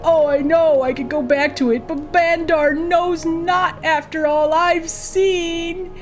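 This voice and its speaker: A woman voicing a regretful former male pirate who speaks slowly and ruefully. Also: very high voice, fairly even intonation, faint music behind, pitched above the performer's own voice.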